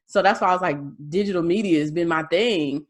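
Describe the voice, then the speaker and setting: A woman, co-hosting a podcast in casual chat, blunt and animated, swearing freely. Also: fairly low pitch, fairly quick. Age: late 30s. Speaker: podcast co-host.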